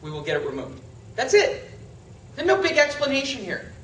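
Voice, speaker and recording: A man teaching a seminar to real estate agents, emphatic and animated, asking and answering his own questions. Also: extremely high pitch, moderate pace, slight background noise. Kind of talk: seminar lecture. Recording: echoey room from a distance.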